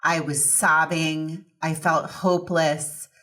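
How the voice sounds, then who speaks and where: Slow-speaking woman host, distant from the mic. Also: low-pitched, level tone, sharp tone. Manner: empathetic and reflective. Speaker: podcast host. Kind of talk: conversational interview.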